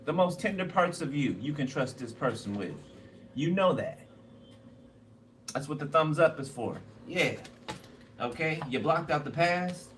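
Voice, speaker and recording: A man's voice: high voice, expressive, moderate pace, a bit bright. A man doing a casual tarot card reading, blunt and profane and repeating himself a lot. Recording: noisy, distant mic.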